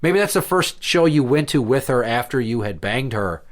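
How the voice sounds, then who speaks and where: A man's voice: mid-range voice, lively intonation, normal speed. Man hosting, profane sarcastic storyteller. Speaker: podcast host. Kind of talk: casual crude banter.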